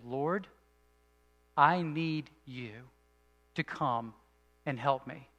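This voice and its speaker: A man preaching a sermon as a pastor, earnest, moving between emphatic and hushed delivery. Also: on the high side, long reverb tail.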